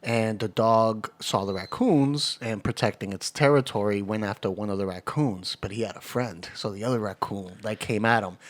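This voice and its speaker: A man's voice: fairly low pitch, normal speed, few pauses, noisy background. A man co-hosting a podcast, telling a friend's story in casual chat with fillers and laughs. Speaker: podcast co-host.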